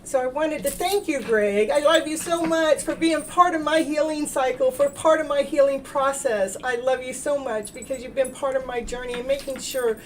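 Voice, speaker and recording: A woman hosting a casual self-help talk show, rambling and warm-hearted, laughing often as she talks. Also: high voice, steady tone, moderate pace, few pauses, recorded from a distance, a little hiss or hum, poor audio. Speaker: host.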